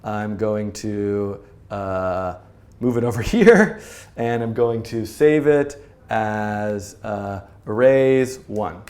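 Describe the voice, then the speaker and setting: Standing at a whiteboard in an echoey studio room, a man teaches programming casually, joking at his own expense and thinking aloud as he explains. His lowish, darkish voice has lively intonation and drawn-out words.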